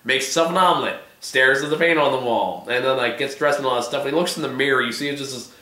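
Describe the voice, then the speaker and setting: A man's voice: mid-range voice, fast talker, bright, forceful tone, echoey room. A man whose voice is giving out, hosting a casual discussion of a TV episode with lots of fillers and swearing. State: hoarse, voice giving out. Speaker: vlog host.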